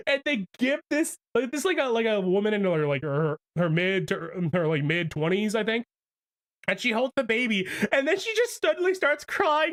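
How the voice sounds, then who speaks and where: A man's voice: very high voice, big pitch swings, moderate pace, a bit bright. A young man streaming, chatting casually and ranting with lots of swearing. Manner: profane, ranting. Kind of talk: casual livestream commentary.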